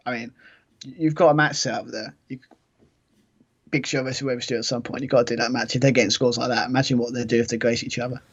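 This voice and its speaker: Fast-talking man, lo-fi mic. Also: mid-range voice, little pitch movement, slightly rough. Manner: quick, stumbling restarts. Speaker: co-host. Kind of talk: casual gaming chat. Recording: dull lo-fi mic.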